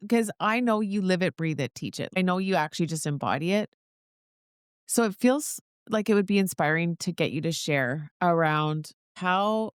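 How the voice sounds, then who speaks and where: Lady podcast host, enthusiastic, kinda low voice with fry, dry close sound. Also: no room sound. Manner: affirming and enthusiastic, laughs easily. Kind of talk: warm interview conversation.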